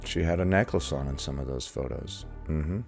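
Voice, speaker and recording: A man's voice: rumbling low, normal speed, gravelly, a little mellow, soft background music. A man hosting a reaction video, giving casual, sarcastic, mocking commentary on a clip.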